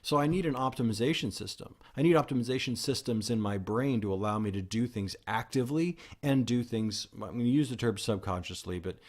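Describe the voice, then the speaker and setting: A man's voice: medium pitch, a little fast, hardly any pauses, darkish tone. Rambling man hosting a podcast talk. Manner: rambling, with frequent restarts and self-corrections. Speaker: podcast host. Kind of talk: solo explanatory podcast talk.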